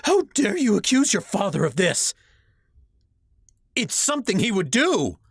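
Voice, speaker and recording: A man's voice: high-pitched, huge pitch swings, moderate pace, creaky, slightly rough, no room sound, clean studio sound, voice pushed up, exaggerated voice. A man voicing a distraught middle-aged mother with a shaky, sobbing voice in an audiobook. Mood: furious.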